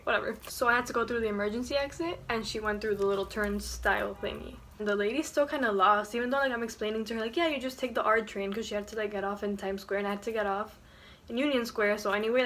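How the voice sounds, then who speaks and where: Late at night in her dorm, a young woman chats her way through a story for her vlog, talking quickly in a higher-pitched voice. Her retelling is lively and casual, full of "like" fillers, and there's a bit of background noise.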